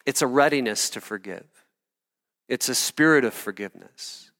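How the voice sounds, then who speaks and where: A pastor preaching a sermon, earnest and animated, telling stories and calling out to the congregation. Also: male voice, medium pitch, moderate pace, long reverb tail. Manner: earnest, animated storytelling with audience asides.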